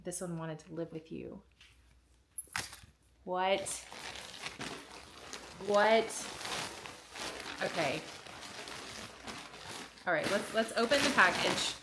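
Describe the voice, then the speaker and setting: Woman vlogger, lower voice, gushing and emotional during a casual unboxing, faint noise behind her. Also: very slow, pauses often. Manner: excited and emotional, gushing, near tears.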